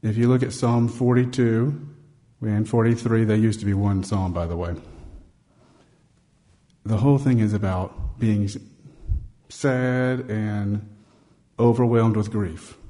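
A man's voice: lowish voice, fairly even intonation, slow, pauses often, warm tone. A man preaching a sermon in a conversational storytelling manner, acting out bits of dialogue and growing emphatic on key points.

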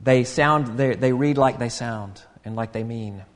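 A man's voice: medium pitch, a little slow, in a large hall, soft background music. A man, preaching a sermon in an earnest, conversational way with frequent restarts. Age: 50s. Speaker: pastor.

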